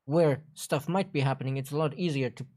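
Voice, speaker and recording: A man's voice: a little high, a little mellow. German man chatting thoughtfully in English. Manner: thoughtful, halting, repeats words when starting. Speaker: game developer co-host. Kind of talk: casual livestream chat.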